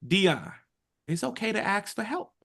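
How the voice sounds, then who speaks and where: A man's voice: sits high, very animated, measured pace, creaky, a bit bright, husky, exaggerated voice. A stern but loving old grandmother on the phone, put on by a man retelling her words. She speaks bluntly and firmly. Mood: gentle. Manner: blunt and firm.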